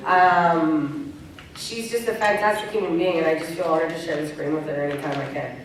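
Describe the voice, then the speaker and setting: A woman's voice: deep voice, brisk, slight background noise. Canadian woman in a very echoey hall. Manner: candid, laughs easily, playful. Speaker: convention panel guest actor. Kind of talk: convention Q&A answers. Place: large convention hall. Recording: very echoey hall, distant mic.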